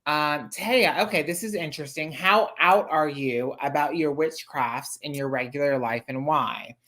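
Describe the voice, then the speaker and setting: A man co-hosting a casual live-stream chat, reading viewer comments aloud in a relaxed way. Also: on the high side, a little slow. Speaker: co-host.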